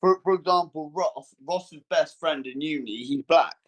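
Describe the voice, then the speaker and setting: Young man, somewhat high voice, rambling storyteller, lots of fillers, casual podcast chat. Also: unhurried. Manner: rambling storyteller, many fillers and restarts, acts out quotes in a higher voice. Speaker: podcast co-host.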